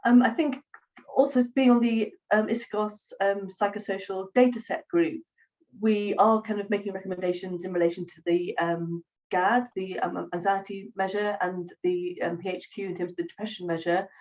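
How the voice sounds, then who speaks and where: A woman, a psychologist hosting a webinar, speaking in a measured way with many pauses over a video call. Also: mid-range voice, fairly even intonation, darkish tone. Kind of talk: professional discussion on a video call. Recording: distant, dull lo-fi call audio.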